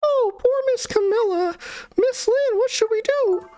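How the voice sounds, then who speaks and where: A woman voicing a small, excitable male dog in a game read-along, in a yappy, high-pitched voice. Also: unhurried. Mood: worried.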